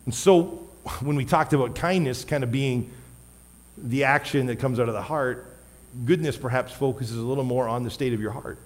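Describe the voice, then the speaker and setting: A man's voice: medium pitch, normal speed. Emphatic male pastor in a reverberant hall. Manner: emphatic, shifts between loud stresses and quiet asides. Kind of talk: sermon. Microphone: wearing a microphone.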